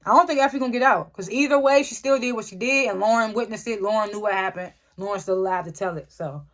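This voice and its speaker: A woman's voice: mid-range voice, fast. A woman giving a casual, slangy recap and review of a TV episode, swearing often. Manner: animated retelling, frequent swearing, slangy. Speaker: TV show reviewer.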